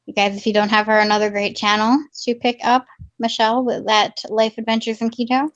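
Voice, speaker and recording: A woman's voice: a little high, flat delivery, brisk. A woman co-hosting a casual live stream, friendly and agreeable, reading viewers' chat comments aloud. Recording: slightly dull lo-fi stream audio.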